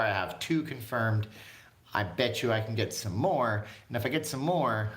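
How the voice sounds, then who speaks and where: A man hosts a casual live stream from his home, chatting easily and reading out viewers' comments. His voice sits fairly low, and the room gives it a noticeable echo. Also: a bit bright. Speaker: vlog host. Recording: echoey room.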